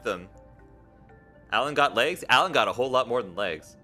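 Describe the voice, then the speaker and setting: A man's voice: medium pitch, expressive, normal speed, long pauses, sharp tone, soft background music. A young man streaming a game late at night, chatting casually, reading viewers' messages aloud and encouraging them. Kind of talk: casual live-stream chat while gaming.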